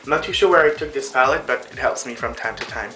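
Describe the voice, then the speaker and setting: A man's voice: medium pitch, fast talker, over music. A man hosting a casual makeup tutorial, talking the viewers through each step in a chatty way while he applies the makeup on himself. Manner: chatty, addresses viewers as girls and boys. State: out of breath.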